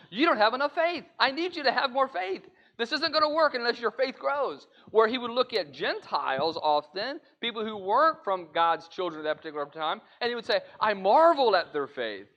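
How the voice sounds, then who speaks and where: Male preacher, high animated delivery, earnest and conversational with his congregation, dull lo-fi church audio. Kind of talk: sermon lesson. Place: church auditorium.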